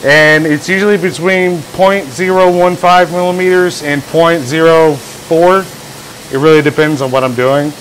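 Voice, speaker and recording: A man's voice: fairly high pitch, steady tone, unhurried, fairly bright tone, a little hiss or hum, low-quality recording. Rambling, jokey man on a livestream. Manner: rambling, jokey, acts out imagined scenes. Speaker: livestream host, engraver. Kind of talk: casual livestream chat.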